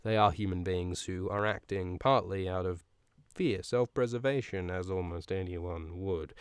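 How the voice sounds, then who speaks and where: A podcast host giving a casual, comedic book recap, rambling with profane, jokey asides and frequent laughs mid-sentence. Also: male voice, low-pitched, steady tone, moderate pace, clear, resonant tone, dry recording, studio quality.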